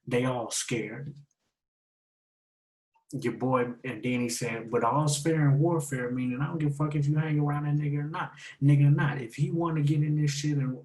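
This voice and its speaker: A man hosting a casual breakdown of battle rap lines, repeating and slowly spelling out the wordplay in street slang. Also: medium pitch, darkish tone, low-quality recording.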